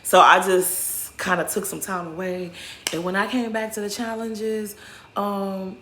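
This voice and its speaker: A woman's voice: mid-range voice, level tone, a little slow, a bit bright, slight background noise. A chatty woman with a Southern American accent, in her thirties, talking casually to her channel's viewers and tagging her points with "okay?". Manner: chatty, tags lines with "okay?". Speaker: YouTuber. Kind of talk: casual chat.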